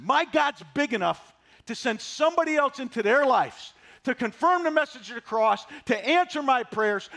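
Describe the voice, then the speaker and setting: A man in his sixties preaching a sermon, folksy and animated, driving points home with repetition. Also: extremely high pitch. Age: 60s. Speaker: pastor.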